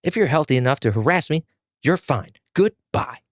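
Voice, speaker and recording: A man's voice: a little high, lively intonation, moderate pace, no room sound, studio quality, voice pushed up, close to an everyday voice. A man voicing a blunt, irritated young woman who scolds in a snappy way.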